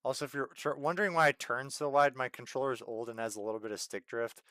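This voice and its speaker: Hoarse, ranting game streamer man. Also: steady tone, fast talker, no room sound, studio quality. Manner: ranting, exasperated, swings between loud outbursts and low mutters. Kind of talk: casual gameplay stream chat.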